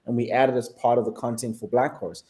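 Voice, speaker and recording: A man from South Africa with a South African accent, a guest videographer telling animated stories in a casual interview and laughing often. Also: mid-range voice, fairly quick.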